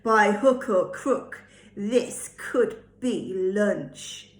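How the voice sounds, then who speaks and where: A woman voicing a sly, hungry male wolf from a storybook, drawing out his words slowly. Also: mid-range voice. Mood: sly, coaxing. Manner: slow, drawn-out wheedling delivery. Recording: echoey room.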